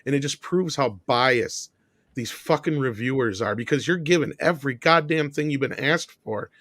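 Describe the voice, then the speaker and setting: A man's voice: mid-range voice, moderate pace, fairly bright tone, dry recording, clean studio sound. A man on a casual pop culture panel, ranting heatedly with lots of swearing.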